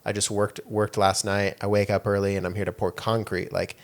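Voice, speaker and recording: A young man with a lowish voice hosts a laid-back podcast chat. He rambles loosely and leans on filler words like "like" and "you know" as he works through his thoughts. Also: little pitch movement, fairly quick. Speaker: podcast host. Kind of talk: casual chat.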